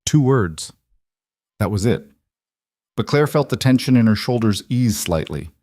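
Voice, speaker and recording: A man reading a scripted story in a steady, even narration. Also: mid-range voice, measured pace, no echo, studio quality.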